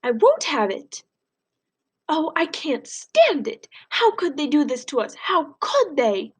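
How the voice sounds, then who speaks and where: A woman voicing a distraught elderly grandmother who shouts and pleads through tears. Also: wildly swooping pitch, takes it slowly, full character voice. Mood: tearful, shouting. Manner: high, loud and pleading.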